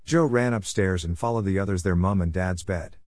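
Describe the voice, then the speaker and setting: Storyteller, male, low register, earnest read-aloud, dry booth sound. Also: a little fast, a little mellow, no echo. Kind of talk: reading his own story aloud.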